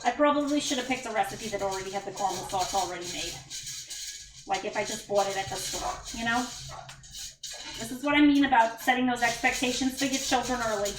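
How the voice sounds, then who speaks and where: While cooking in her home kitchen, a mother livestreams and chats casually, thanking viewers by name and making self-deprecating jokes. Her fairly high voice moves at a quick pace, heard far from the mic and a bit off-mic in an echoey room, over music.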